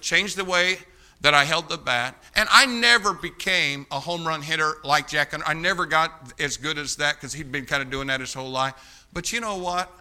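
Preaching in a slightly high voice, a man tells a homespun tale and then rallies the young, his delivery swinging from hushed remarks to booming encouragement.

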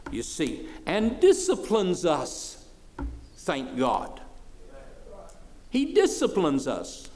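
Folksy older pastor with lively pitch. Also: male voice. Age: 60s. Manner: swells loud for praise, then drops low and soft; folksy, plain-spoken. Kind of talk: sermon. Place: church.

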